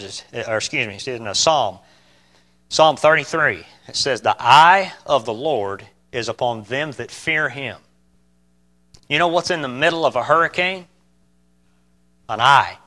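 A man preaching a sermon, asking his listeners questions and swinging between loud emphatic bursts and quiet, calm lines. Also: medium pitch. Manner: asks the listeners rhetorical questions.

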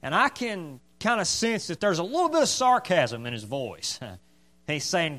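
Animated man preaching a sermon. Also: sits high, brisk. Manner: emphatic, repeating points for stress. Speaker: pastor.

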